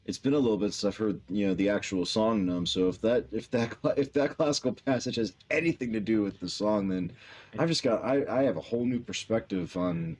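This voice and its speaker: Excitable man reacting to guitar music. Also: fairly low pitch, fairly quick. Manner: excitable, jokey, trails off and restarts. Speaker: reaction video co-host. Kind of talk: casual reaction chat.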